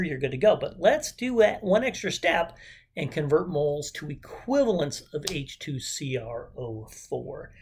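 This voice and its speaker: A man's voice: high voice, darkish tone. A man teaching a chemistry lesson in a casual, upbeat way, often checking in with rhetorical questions. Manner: upbeat, chatty, asks frequent rhetorical questions. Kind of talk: informal recorded chemistry lesson.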